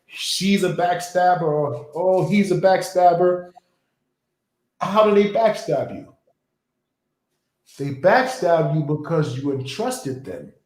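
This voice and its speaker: A man's voice: a little high, darkish tone, roomy sound, poor audio. A man talking in a reflective, philosophical way during a casual conversation, drawing out his phrases.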